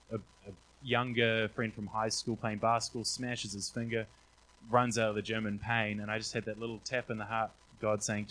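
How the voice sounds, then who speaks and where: A young man shares church testimonies in a casual, rambling way. His pitch sits in the middle range. He fills pauses with "um" and slips into the voices of the people he quotes. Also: fairly bright tone, poor audio. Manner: rambling, frequent "um", acts out quotes. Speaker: church member sharing testimonies.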